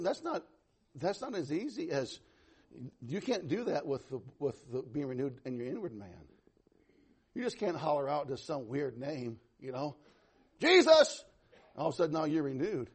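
A man preaching a sermon as pastor, animated and conversational, swinging from loud to soft with some self-deprecating humor. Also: on the high side, slightly rough.

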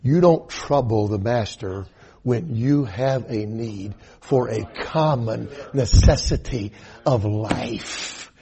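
A man's voice: mid-range voice, takes it slowly, gravelly, mellow. An older man from the Atlanta area with a Southern US accent, preaching a sermon in a folksy storytelling way and dropping in amens.

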